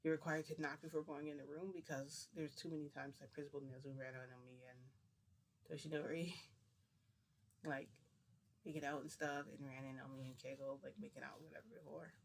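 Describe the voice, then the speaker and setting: A man's voice: on the high side, flat delivery, a little fast, vocal fry, slight background noise. A man casually retelling a personal story to the camera, rambling and acting out dialogue with "I'm like" and "he goes". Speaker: vlogger.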